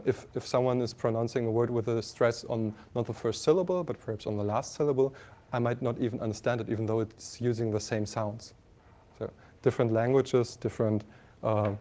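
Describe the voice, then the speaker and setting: German lecturer with a mellow voice. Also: male voice, medium pitch. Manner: halting, many fillers and restarts, asks the class questions. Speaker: university lecturer. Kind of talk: classroom lecture.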